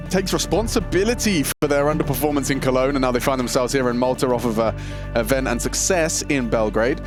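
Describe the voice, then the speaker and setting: A man gives analysis during an esports broadcast. He is chatty and easygoing, and his pitch leaps upward when the play excites him. Music plays clearly beneath his voice. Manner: chatty, jumps up into excited reactions. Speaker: esports color commentator. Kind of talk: analytical commentary and banter. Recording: broadcast mix with music underneath.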